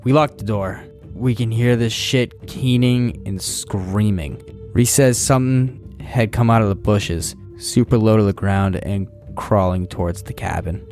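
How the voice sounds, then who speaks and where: A man's voice: on the low side, measured pace, darkish tone, soft background music. A man co-hosting a podcast, reading a scary story aloud in a casual, profane way. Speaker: podcast co-host.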